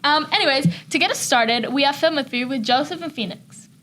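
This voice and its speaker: Bright, high-voiced teen girl anchor. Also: a little fast. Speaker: student news anchor. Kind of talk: scripted school broadcast.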